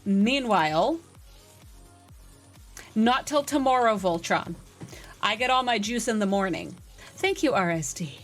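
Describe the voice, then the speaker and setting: A woman game streamer chatting casually on a live stream, reading and answering chat with excitable energy. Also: medium pitch, measured pace, pauses often, faint music behind.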